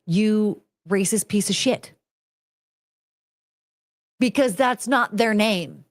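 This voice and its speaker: A woman's voice: medium pitch, slow, no room sound, clean studio sound. A woman hosting a podcast in casual chat, ranting, rambling and swearing freely. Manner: rambling, loses her train of thought. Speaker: podcast host.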